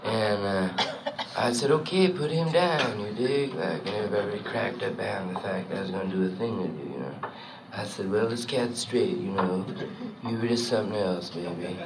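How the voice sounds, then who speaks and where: A man's voice: lowish voice, normal speed, voice pushed down, natural voice. A man doing a mumbling hipster jazz cat. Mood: cajoling. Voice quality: laid-back jive slang, mumbled. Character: smooth-talking hipster jazz trumpeter, man. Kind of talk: stand-up character bit. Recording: loud noise, audience laughter.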